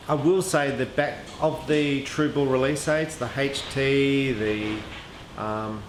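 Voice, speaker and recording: Chatty man reviewing gear in an echoey room. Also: medium pitch. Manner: chatty, hesitant, lots of ums and restarts. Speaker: archery equipment reviewer. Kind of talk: casual product review, thinking aloud. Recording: echoey room with faint ambient noise.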